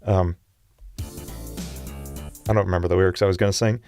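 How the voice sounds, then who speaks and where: A man's voice: low voice, fairly even intonation, unhurried, darkish tone, soft background music. A man chatting casually with viewers on a livestream, talking eagerly about singing and voice technique. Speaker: streamer and singer.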